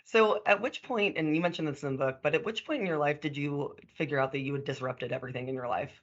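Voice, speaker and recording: A woman's voice: low voice, fast talker. A woman co-hosting an interview, asking friendly questions in a casual way. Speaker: podcast co-host. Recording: muffled lo-fi audio.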